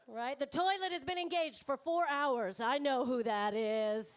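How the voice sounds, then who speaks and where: Her voice sitting high and her delivery a little slow, a woman in her 30s performs brash stand-up for a live comedy club audience. She teases the crowd and swears freely.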